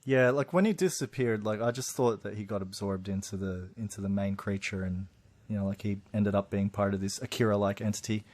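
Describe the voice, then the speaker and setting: A man's voice: fairly low pitch, brisk, a little mellow. A man co-hosting a podcast, chatting casually about a film, laughing often and restarting his sentences. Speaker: podcast co-host. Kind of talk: casual film review chat.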